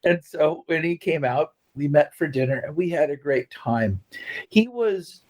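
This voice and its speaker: A man's voice: on the high side, a little slow. Middle-aged american guy, filmmaker, chatty storyteller in an interview, jumps into voices when quoting people. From United States. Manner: animated storyteller who acts out quotes. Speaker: filmmaker guest.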